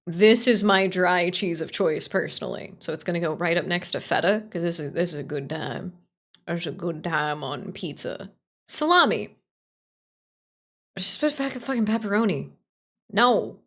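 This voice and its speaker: A woman's voice: fairly low pitch, expressive, normal speed, fairly bright tone. A woman streaming live, chatting casually in a blunt, opinionated, heavily profane way while answering her chat. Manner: playful, answering chat as she talks.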